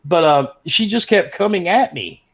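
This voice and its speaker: A middle-aged man, casually telling a profane, animated story as a podcast host. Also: high voice, normal speed, gravelly. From American South.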